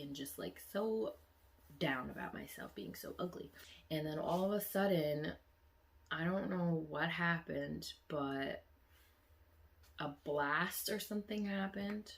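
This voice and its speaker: A woman vlogger telling a story casually and animatedly, with many fillers, rising loud and high when excited. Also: a little slow, vocal fry.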